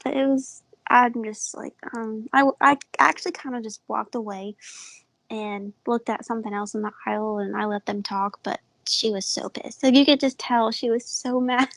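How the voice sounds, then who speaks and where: A woman in her thirties with a small, mouse-like voice, telling stories in a soft, breathy, giggly way as a podcast guest. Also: on the high side, fairly even intonation, moderate pace, dry recording, poor audio. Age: 30s. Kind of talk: casual chat.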